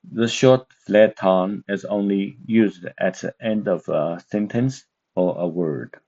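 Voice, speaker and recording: A man teaching a language lesson, explaining slowly and carefully with frequent pauses and fillers. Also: on the low side, warm tone. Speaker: Mandarin teacher. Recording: dull, muffled lo-fi recording.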